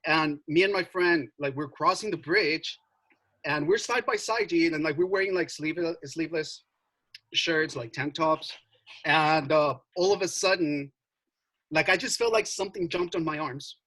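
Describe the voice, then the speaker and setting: A young man telling a story in casual chat, animated, swearing and full of filler words. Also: on the high side, moderate pace, poor audio. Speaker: podcast co-host.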